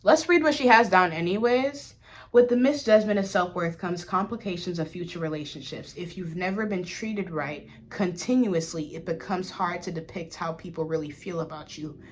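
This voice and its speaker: Blunt, low-voiced young woman vlogger. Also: moderate pace, slight background noise. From Africa. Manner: blunt and profane, swings between loud outbursts and low mutters. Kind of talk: casual candid vlog commentary.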